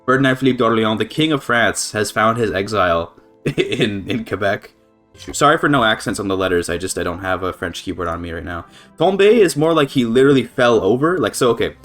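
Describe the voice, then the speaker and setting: A young man from Canada giving rambling, excitable commentary on a strategy game he is playing. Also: lowish voice, a little fast, faint music behind. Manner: rambling, excitable, swears and laughs often. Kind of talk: casual gameplay commentary.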